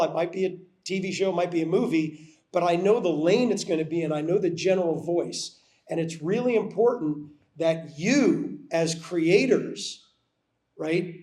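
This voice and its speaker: Male producer on a panel, unusually high voice, relaxed and chatty, echoey hall. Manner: measured, conversational, many "you know" fillers. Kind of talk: festival panel talk. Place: festival venue. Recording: roomy hall sound.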